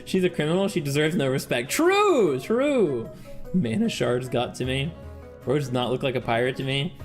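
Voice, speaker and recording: A man streaming a strategy game, excitable and laughing as he reads the game text aloud and reacts. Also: mid-range voice, a little fast, soft background music. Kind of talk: game-playing commentary.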